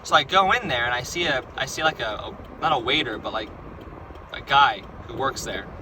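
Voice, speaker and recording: A man's voice: mid-range voice, moderate pace, background noise. Rambling young man telling a dream. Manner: rambling, stumbling restarts, frequent "right?" and "like". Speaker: vlogger recounting a dream. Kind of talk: casual storytelling.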